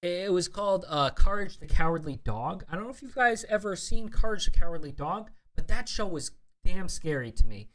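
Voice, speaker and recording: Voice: medium pitch, expressive, normal speed, few pauses. A young adult streamer chatting casually with viewers, swearing often and full of fillers and restarts. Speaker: streamer host. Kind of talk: casual live-stream chat.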